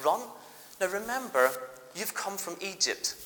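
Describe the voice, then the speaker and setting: A teacher leads a church education service, acting out a Bible story and steering volunteers with brisk requests and praise. The voice is bright and sharp. It carries a long reverb in a large hall. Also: medium pitch, slight background noise. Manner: lively, directs helpers with quick requests and praise.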